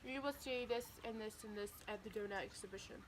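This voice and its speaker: A woman's voice: medium pitch, fast talker, slight background noise. A young woman, chatting through a long story while eating for a mukbang vlog. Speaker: vlogger.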